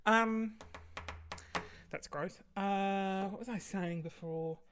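Male podcast host, casual rambling solo chat, bright voice. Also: high-pitched, takes it slowly, clean tone. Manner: rambling, easily sidetracked.

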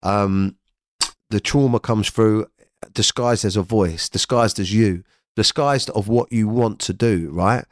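A man's voice: lowish voice, a little slow, no echo, studio quality. A man hosting an unscripted solo podcast from home, talking frankly and rambling, swearing freely. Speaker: podcast host.

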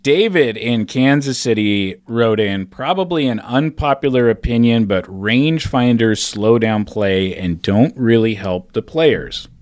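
A man's voice: medium pitch, expressive, a little slow, few pauses, a little mellow, no room sound, clean studio sound. A man co-hosting a podcast, chatting casually and reading out listener questions with a joking touch. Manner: reads listener questions, jokey. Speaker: podcast co-host. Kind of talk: casual chat.

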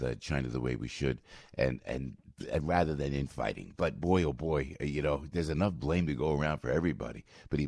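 Older New man, husky low voice, rambling excitable morning radio host, dry studio mic. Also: no echo. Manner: rambling, excitable, self-interrupting, with sudden high squeaks. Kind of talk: animated talk radio monologue. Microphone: studio microphone.

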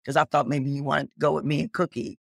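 A middle-aged woman telling a story as an interview guest, animated and acting out the dialogue she quotes. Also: fast talker, gravelly, breathy edge, no echo, studio quality. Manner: animated, acts out quoted dialogue with big pitch jumps.

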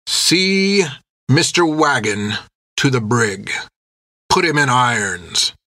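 A man doing a haughty, slow-spoken captain. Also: medium pitch, animated, bright, forceful tone, no echo. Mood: imperious. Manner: slow, clipped, imperious. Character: stern, haughty male ship captain.

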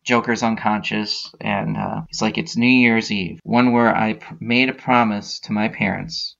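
A man's voice: fairly low pitch, fairly even intonation, measured pace, gravelly, fairly bright tone. A man hosting a podcast, casually retelling a comic book story scene by scene with plenty of filler words. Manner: retells scenes with quoted lines, many uh fillers. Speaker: podcast host. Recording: dull lo-fi sound.

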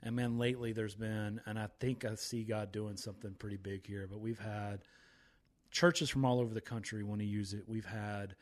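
A man's voice: on the low side, level tone, moderate pace. A man hosting a faith podcast, talking with fired-up, preachy energy and reciting scripture with emphasis. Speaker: podcast host.

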